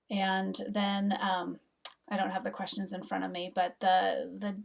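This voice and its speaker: A middle-aged woman giving an earnest, gentle self-help talk as a mother, sometimes dropping to a soft whisper. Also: mid-range voice, gravelly, distant mic. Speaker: host, mother and coach.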